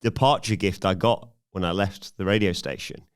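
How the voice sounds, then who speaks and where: A man's voice: sits low, normal speed, smooth. A man, a former radio presenter, co-hosting a podcast with jokey, self-deprecating banter. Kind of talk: casual podcast chat.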